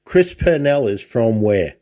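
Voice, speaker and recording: A man's voice: mid-range voice, sing-song, measured pace, dark tone. A man hosts a podcast conversation, speaking in an ordinary mid-range voice. He talks in a chatty way, and his questions wander and circle back before he reaches the point. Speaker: podcast host. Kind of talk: casual interview.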